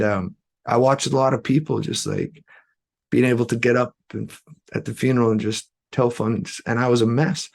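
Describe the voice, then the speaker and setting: A man from Canada telling a personal story as a podcast guest, in an earnest, halting way with many fillers and restarts. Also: medium pitch, creaky, a little mellow. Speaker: guest musician.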